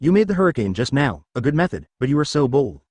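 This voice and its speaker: A cruel, proud marine vice admiral, as a man reads him out. The reading is flat and even, with little done to set the figure apart from the story voice, though the pitch still moves about a fair amount. The recording is close and dry. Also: fast talker, no echo. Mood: cold anger.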